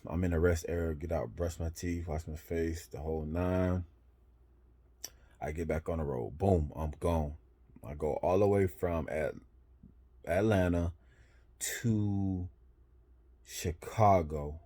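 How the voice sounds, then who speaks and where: A man who drives trucks telling a story in a casual, rambling way, correcting himself as he goes and marking each turn with "boom.". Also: steady tone, slow pace, pauses often, dark tone.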